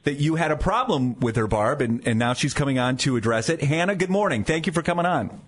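A man hosting a radio morning show, steering a dispute between callers with a lively delivery in a studio. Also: fairly high pitch, a little fast. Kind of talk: upbeat radio talk.

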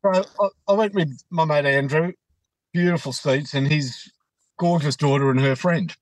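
Aussie guy telling a footy story, kinda high voice, dry sound. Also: normal speed, no echo, poor audio. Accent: Australian. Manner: animated anecdote teller, acts out quotes. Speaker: co-host. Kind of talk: casual chat, storytelling.

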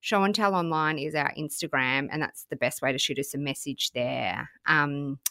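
An Australian woman in her thirties co-hosting a podcast, telling stories in a chatty, animated way with casual swearing. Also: low voice, normal speed, no echo, clean studio sound. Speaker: podcast co-host. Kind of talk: casual chat.

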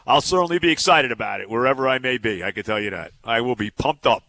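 Gruff New sports-radio host, bright edge, casual fillers. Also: male voice, mid-range voice, lively intonation, fast talker, no room sound. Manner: gruff, offhand, many fillers.

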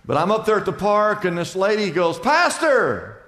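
An older male pastor preaches with a high, ringing voice. He drives his points home with emphatic repetition and rhetorical questions. The sound carries a long hall reverb. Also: fairly quick, a bit bright. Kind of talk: sermon.

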